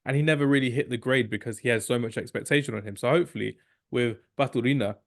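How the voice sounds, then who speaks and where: Chatty football podcast host. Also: male voice, mid-range voice, vocal fry. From England. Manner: jokey, chatty, rapid asides. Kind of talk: casual football chat.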